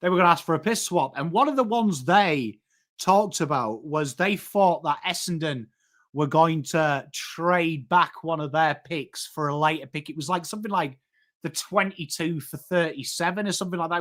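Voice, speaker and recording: A man's voice: a little high, normal speed, fairly bright tone. An English man hosting a casual live stream, chatting with viewers and calling them mate. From England. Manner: chatty, banters with chat, calls people mate. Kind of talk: casual live-stream commentary reading chat.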